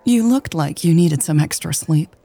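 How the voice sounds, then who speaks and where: A woman reading the part of a gruff, awkward woman who speaks curtly and coolly. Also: deep voice, expressive, normal speed, dark tone, faint music behind, exaggerated voice. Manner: gruff, curt. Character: gruff, awkward grown woman, cool and blunt.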